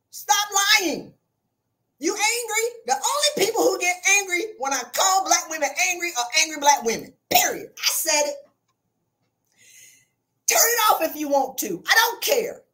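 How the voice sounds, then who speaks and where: Woman podcast host, super lively high voice, blunt preachy, says it again and again. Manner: blunt, preachy, repeats lines for emphasis. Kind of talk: animated motivational talk.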